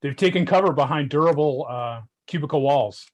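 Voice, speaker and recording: A man guesting on a casual comic book review, dropping deadpan, sarcastic quips. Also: fairly high pitch, brisk, muffled recording.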